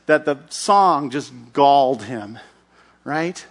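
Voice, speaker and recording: A man preaching a sermon, retelling a Bible story with acted-out voices, shouts and sound effects. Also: fairly high pitch, unhurried. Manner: lively, acts out characters with shouts and sound effects.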